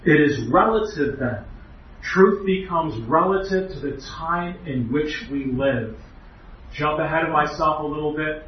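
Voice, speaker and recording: A man's voice: a little high, unhurried, a little hiss or hum. A man giving an earnest, emphatic doctrinal lecture as a preacher, with rhetorical questions. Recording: echoey hall, distant, muffled.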